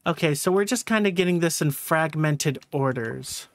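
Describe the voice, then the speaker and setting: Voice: medium pitch, moderate pace, hardly any pauses, dry recording. A streamer chatting casually through a game livestream, laughing often and swearing freely.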